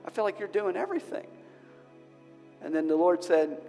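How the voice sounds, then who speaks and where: Pastor, middle-aged man, earnest emotional sermon, slightly high voice, long hall reverb with soft music underneath. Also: animated, normal speed, long pauses. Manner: earnest, emotional, restarts often, swings loud and soft. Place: church hall.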